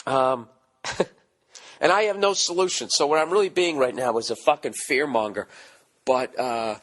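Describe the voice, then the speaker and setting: A man in his forties with a Boston accent, hosting a podcast, ranting casually with lots of profanity; his voice is hoarse from screaming. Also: mid-range voice, normal speed. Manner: profane, animated ranting with mocking asides. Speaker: podcast host.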